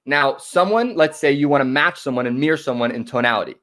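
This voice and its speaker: A man's voice: mid-range voice, quick pace, a bit bright. A man giving a motivational talk on connection as a workshop presenter. He ends nearly every sentence with "right?" and acts out short conversations. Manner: acts out small dialogues in shifting voices.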